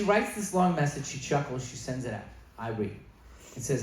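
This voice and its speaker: In an echoey comedy club with an audience, a Canadian man with a mid-range voice and big pitch swings tells a long story at a moderate pace. He acts out text messages in different voices, and there's a little hiss or hum on the recording.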